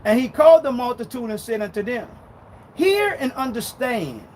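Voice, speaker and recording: A man preaching a sermon in a loud, fiery way, swinging between shouting and low muttering. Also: very animated, moderate pace, a little hiss or hum, rough recording. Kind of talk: street-style sermon.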